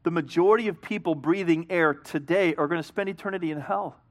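A man's voice: a little high, quick pace. A middle-aged man, a pastor, preaching a sermon in an earnest, conversational way, telling a story and acting out both sides of a talk.

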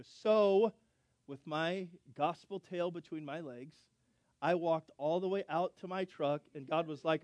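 A middle-aged pastor tells a story from the pulpit, animated and self-deprecating, acting out every line of dialogue. His voice sits a little high for a man. The sound is close and dry. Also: measured pace, no room sound. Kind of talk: sermon storytelling.

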